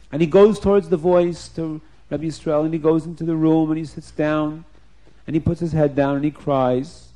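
A man with a fairly high voice tells a story to an audience of children. He speaks to them directly and slips into playful, rhyming asides. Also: dark tone.

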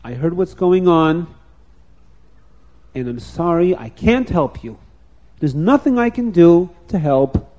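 A man voicing a wise, kind elderly rabbi who speaks quietly and patiently. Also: a little high, animated, slow pace, pauses often, dull audio. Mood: sorrowful. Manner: quiet, soft-spoken, patient.

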